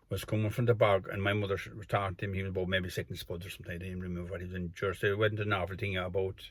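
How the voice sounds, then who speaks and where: A man's voice: deep voice, bright, forceful tone, breathy edge, no room sound. An older man with a Kerry Irish accent telling a rambling local folk story in a colloquial storytelling style. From Ireland. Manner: meandering, colloquial, acts out quoted voices.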